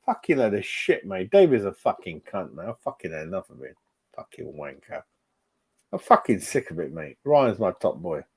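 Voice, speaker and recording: Brief: man, forties, football fan streamer, lively up-and-down delivery, foul-mouthed, chatting to viewers. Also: on the low side, moderate pace, gravelly, slightly rough. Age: 40s. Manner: sweary, animated, talking to chat. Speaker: fan channel host. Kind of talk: live stream reaction.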